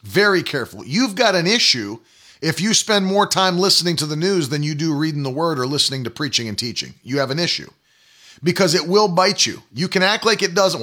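A man's voice: fairly high pitch, animated, fairly quick, sharp tone. A man in his thirties preaching a sermon, emphatic and repetitive, mocking the doubters he quotes. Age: 30s. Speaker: pastor.

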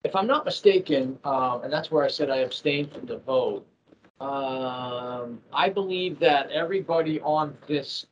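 A man's voice: mid-range voice, measured pace. A man from Massachusetts, a project manager, talking through a casual business interview with many fillers and restarts. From Massachusetts, near Boston. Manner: rambling, with frequent fillers and restarts. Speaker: ERP project manager at a manufacturer. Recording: dull lo-fi audio with faint noise.

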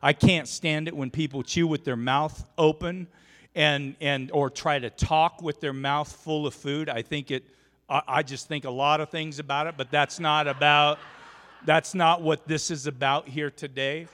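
A man preaching a sermon as a pastor, telling a story with lively swings from quiet asides to shouting. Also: on the high side, measured pace. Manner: animated, shouts in storytelling peaks. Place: church sanctuary. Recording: long church reverb.

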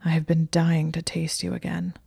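In a whispered role-play, a woman puts on a commanding young man who murmurs in a husky, deep hush. The voice stays low and flat with a dark, mellow tone. It is recorded dry and close. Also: normal speed, no room sound, full character voice.

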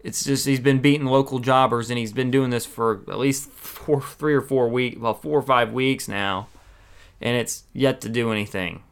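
A man's voice: mid-range voice, fairly even intonation, normal speed, smooth. A man giving a casual, opinionated recap of a wrestling show, with exasperated asides.

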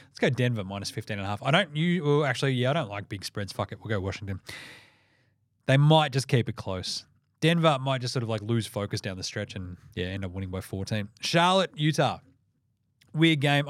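A brash Australian man hosting a sports podcast, rattling off picks with plenty of swearing and bursts of energy. His voice sits at a middle pitch, and the recording is close and dry with no room sound. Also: no room sound. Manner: brash, swearing, quick, animated. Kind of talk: casual sports betting picks chat.

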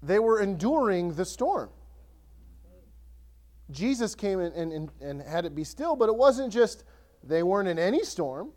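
A man preaching a sermon as pastor, conversational and animated, often restarting his sentences and acting out scripture. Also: sits high, a little slow, long pauses.

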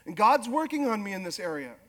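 A middle-aged man with a strikingly high voice delivers a sermon. He is animated and quick to poke fun at himself. His words echo with a long reverb through a large church hall. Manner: animated, self-deprecating humor, acts out quoted spouses. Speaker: pastor.

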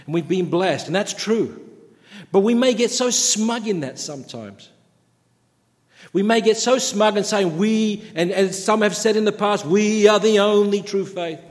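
A man with a high-pitched voice preaches a sermon, stacking repeated phrases as his intensity climbs. The sound carries a long hall reverb, as in a church sanctuary. His delivery is earnest and insistent. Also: expressive, unhurried.

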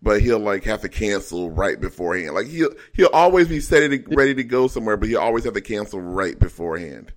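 A man's voice: on the low side, sing-song, fairly quick, few pauses. A man co-hosting a podcast in casual chat, joking and peppering his talk with fillers. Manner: talks with lots of 'like', joking. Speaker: podcast co-host.

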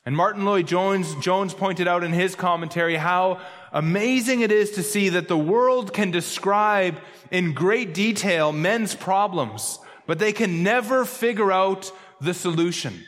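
Male pastor, emphatic sermon delivery, high voice, long hall reverb. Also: lively intonation, a bit bright. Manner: emphatic, repeats key phrases, slows down for stress.

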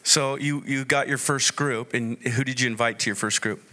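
Man, on-stage interviewer, bright voice, mid pitch, brief prompting questions. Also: fairly even intonation, moderate pace. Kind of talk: live conference interview.

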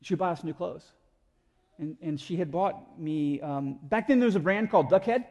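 Animated man preaching in an echoey hall. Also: a little high, moderate pace. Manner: animated, conversational, acts out voices. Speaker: pastor. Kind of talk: sermon. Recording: echoey hall with long reverb.

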